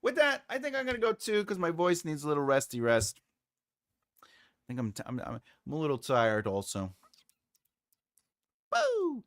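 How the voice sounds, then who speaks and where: A man's voice: fairly high pitch, lively intonation, a little fast, fairly bright tone, no echo, clean studio sound. A male writing channel host in casual, playful livestream chat, laughing often and trying out cartoon voices.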